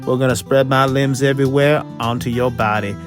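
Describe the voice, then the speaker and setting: A man's voice: mid-range voice, fairly even intonation, a little fast, natural voice. A man acts out a brash, crude superhero hawking free limb clinics in a spoof commercial. He rambles and boasts in a middling voice, with light music behind him. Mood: boastful. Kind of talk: comedy spoof ad.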